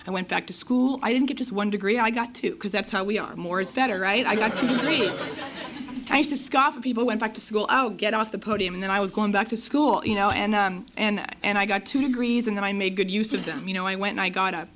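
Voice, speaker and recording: A woman's voice: medium pitch, fast, slight background noise. A woman from Los Angeles telling her recovery story to a meeting, acting out what others said and often laughing as she talks. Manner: lively storyteller who acts out what others said; laughs while telling stories. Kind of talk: personal testimony talk. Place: meeting hall podium.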